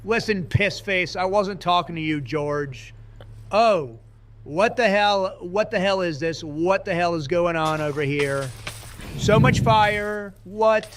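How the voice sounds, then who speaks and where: A man's voice: sits high, slow, fairly bright tone, slight background noise. A man putting on a boastful, blustering male politician impression, bragging and throwing insults while playing a game. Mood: outraged. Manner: bragging, insulting, repetitive superlatives. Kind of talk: comedic gameplay voice impression.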